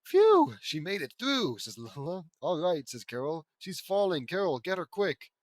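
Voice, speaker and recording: A man reads fan fiction aloud, stopping now and then to poke fun at the story with wry, sarcastic remarks. His voice sits a little high, and he pushes it higher still for the quoted characters. The sound is dry and close, with no room echo. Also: very animated, moderate pace. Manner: mocking, wry commentary between read lines. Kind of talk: reading aloud with sarcastic asides.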